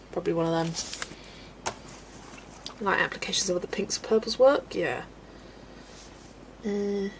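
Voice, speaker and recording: A woman's voice: medium pitch, poor audio. Young woman chatting on a colouring stream, laughs a lot, faint hiss behind. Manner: chatty, answers chat while colouring, laughs often. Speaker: colouring livestreamer. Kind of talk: casual livestream chat. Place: home room.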